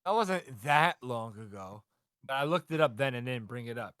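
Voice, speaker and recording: In a dry, clean studio recording, a man with a smooth, mid-range voice co-hosts a podcast. He casually recaps a manga chapter, swearing plenty and animatedly acting out the characters in quick voices.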